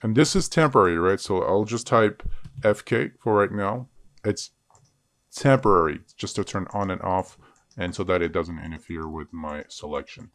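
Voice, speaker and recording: In this dry-sounding screen-recorded tutorial, a man with a deep, slightly bright voice teaches 3D character rigging at a moderate pace. He's chatty while he works and keeps making jokes at his own expense.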